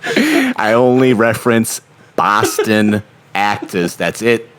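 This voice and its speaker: Jokey guy cohosting a podcast, kinda low voice, bouncy pitch. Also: huge pitch swings, slow, fairly bright tone, a little hiss or hum. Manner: joking, self-deprecating. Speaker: podcast co-host. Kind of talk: casual chat.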